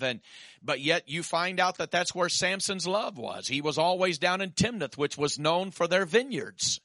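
A man preaching a sermon, halting with repeated restarts and then building to emphatic declarations. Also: a little high, expressive, bright, forceful tone, no echo, clean studio sound.

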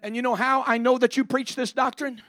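High-voiced fervent preacher. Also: male voice, steady tone, a little fast, dry recording, clean studio sound. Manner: builds from quiet asides to loud fervent preaching. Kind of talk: sermon.

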